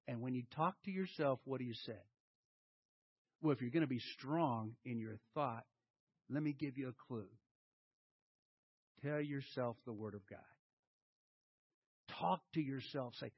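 Male preacher, high lively voice, acts out his inner dialogue, dull lo-fi recording. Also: moderate pace. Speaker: pastor. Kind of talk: sermon.

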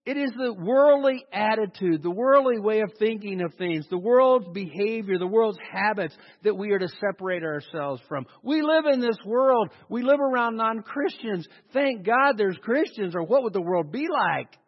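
Lively high-pitched male preacher. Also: moderate pace, hardly any pauses, in a large hall, highs cut off. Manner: animated, sarcastic preacher with mocking asides. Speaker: pastor. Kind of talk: sermon.

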